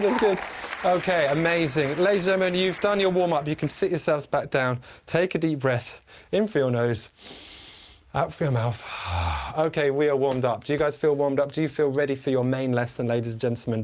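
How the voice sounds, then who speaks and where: An energetic man with a fairly high voice leads a lively beatbox lesson for children over a video stream. He is enthusiastic, sings out his instructions and keeps the young audience moving. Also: a little fast, slight background noise. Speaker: beatbox teacher and host. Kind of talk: upbeat online kids' lesson.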